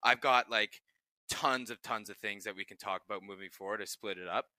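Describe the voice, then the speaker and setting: Bright-voiced man telling locker-room stories. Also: on the low side, fairly quick, no room sound. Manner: profane, laughing anecdotes. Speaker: podcast co-host, pro hockey player. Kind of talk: casual storytelling chat.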